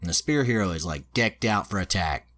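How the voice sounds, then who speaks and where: A man's voice: sits low, lively intonation, fairly quick, a bit bright. A man on a podcast casually retelling a story, swearing freely and loose with fillers. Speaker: podcast host. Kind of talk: casual chat, retelling an anime plot.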